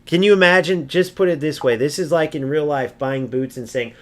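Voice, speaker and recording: A man with a fairly high voice calls out the game over live gameplay. His talk is brash and mocking, full of insults and swearing at other players. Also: brisk, hardly any pauses, a bit bright. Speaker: video game streamer. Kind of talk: gameplay commentary rant.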